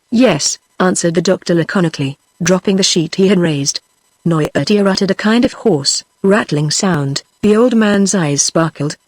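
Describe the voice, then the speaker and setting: A woman's voice: on the low side, no room sound. Synthetic British woman reading a novel. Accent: British English. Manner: even, measured reading of dialogue and narration alike. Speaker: narrator. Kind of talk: synthetic audiobook narration.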